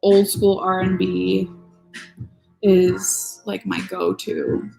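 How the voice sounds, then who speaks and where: A woman's voice: lowish voice, flat delivery, drawn-out words, creaky, rough recording. A woman streamer chatting casually and grumbling playfully while she builds a model. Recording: soft music playing behind.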